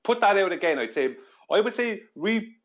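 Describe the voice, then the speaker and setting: A man on an online panel, telling stories in an animated way and laughing as he goes. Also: high voice, normal speed, dull audio. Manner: animated, giggly storyteller. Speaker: panel guest. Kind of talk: casual panel chat.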